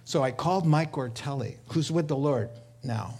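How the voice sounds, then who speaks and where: Animated male pastor, higher voice. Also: normal speed, slightly rough. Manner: animated storytelling with voiced quotes and laughter. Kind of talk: sermon.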